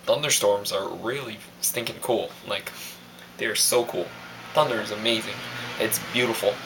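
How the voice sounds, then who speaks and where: A man's voice: on the low side, steady tone, normal speed, a bit bright, slight background noise, rough recording. A young man from Hawaii recording a casual video diary, rambling and hesitant with lots of fillers. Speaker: vlogger.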